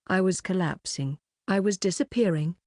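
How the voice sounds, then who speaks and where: A woman with a fairly low voice reads a novel aloud in the first person, steady and even. The sound is dry and close, with no room echo. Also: normal speed. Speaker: audiobook narrator.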